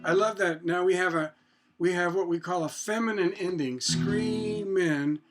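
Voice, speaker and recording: Male songwriting teacher, high-pitched, casual and musing, guitar under the voice. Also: brisk. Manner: thinks aloud, hums and sings snippets. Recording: guitar playing behind the voice.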